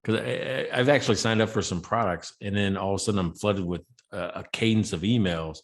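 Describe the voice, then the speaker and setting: A man's voice: on the low side, brisk. A middle-aged man co-hosting a casual podcast, telling stories animatedly and acting out quotes with big laughs. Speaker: podcast co-host.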